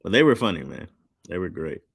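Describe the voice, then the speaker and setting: A man's voice: low-pitched, very animated, a little fast, creaky, slightly rough, no echo, studio quality. A man streaming live, chatting casually in loose slang and answering chat. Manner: loose slangy talk, reads chat aloud.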